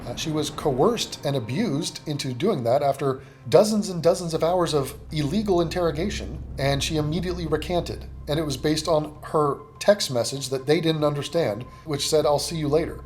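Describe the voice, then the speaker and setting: A man making heated reaction commentary, sarcastic and profane, with rapid-fire rhetorical questions. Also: fairly high pitch, darkish tone, a little hiss or hum. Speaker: commentary YouTuber.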